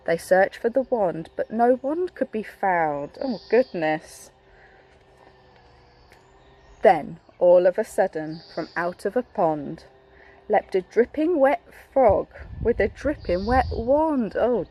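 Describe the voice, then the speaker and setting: A woman's voice: mid-range voice, animated, slow, lo-fi sound. A young woman teacher reading a picture book aloud to a class, encouraging and asking the children questions.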